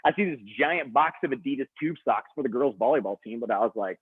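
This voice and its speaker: Fast-talking man over a phone-like line. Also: mid-range voice, no room sound. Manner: energetic, chatty, lots of "like". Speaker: motivational speaker. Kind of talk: storytelling talk to students. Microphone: video call. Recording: dry, husky, phone-like video call audio.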